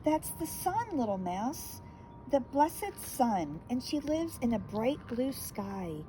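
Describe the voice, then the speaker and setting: A woman's voice: sits high, very animated, slow pace, mellow, a little hiss or hum, full character voice, low-quality recording. A woman voicing a small, friendly male bee who patiently explains things in a storybook.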